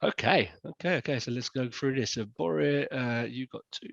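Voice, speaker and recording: A man's voice: mid-range voice, normal speed, gravelly, dry recording, muffled recording. A man narrating a tabletop game as game master, often rambling and correcting himself. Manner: rambling, self-correcting description.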